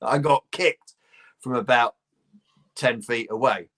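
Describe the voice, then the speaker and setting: A middle-aged man with a posh southern English accent spins comic anecdotes as a guest in a relaxed chat. His voice sits at an ordinary pitch. He swears easily and laughs mid-sentence as the story builds. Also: takes it slowly. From London. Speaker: guest comedian. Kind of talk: casual chat, telling anecdotes.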